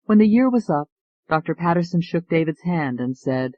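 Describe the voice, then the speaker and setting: A man reading an audiobook as narrator, measured and even. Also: fairly high pitch, no echo, muffled recording. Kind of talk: scripted narration.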